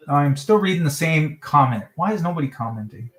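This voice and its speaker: A man's voice: lively intonation, a little fast, fairly bright tone, reverberant. A man chatting loosely on a live stream, joking and jumping between topics. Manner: joking, jumps between topics, mimics voices in high falsetto. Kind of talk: rambling live stream chat.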